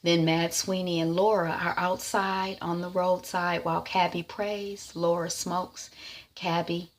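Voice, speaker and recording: A woman's voice: on the low side, level tone, a little slow. A woman giving a casual TV episode recap, retelling scenes loosely with lots of ums and "is like.". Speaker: TV recap vlogger.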